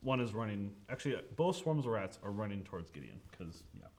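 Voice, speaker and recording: A man narrating as game master in a relaxed, hesitant way, often filling pauses with "um". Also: fairly low pitch. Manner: relaxed, hesitant, lots of fillers and chuckles.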